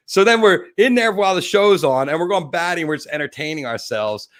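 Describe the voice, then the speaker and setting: A man's voice: on the high side, animated, a little fast, a bit bright. A man hosting a casual interview, chatty and telling stories, laughing easily. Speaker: show host.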